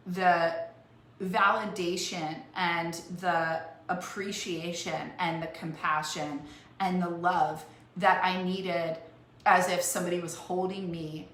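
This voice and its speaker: A woman life coach speaks earnestly to her viewers, her voice sitting low for a woman. Her talk is emotional and heartfelt, and she often repeats and restarts her phrases. The sound is echoey, with a faint hiss behind it. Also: a bit bright. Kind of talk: heartfelt motivational talk to camera. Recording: echoey room with faint noise.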